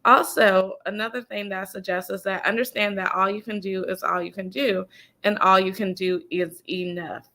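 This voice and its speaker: Emphatic gravelly woman coaching with faith. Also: medium pitch, fairly even intonation, moderate pace, pushed and bright. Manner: preachy, emphatic, repeats key phrases; folksy, addresses listeners as y'all and honey. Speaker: business coach and author. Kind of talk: faith-based motivational talk.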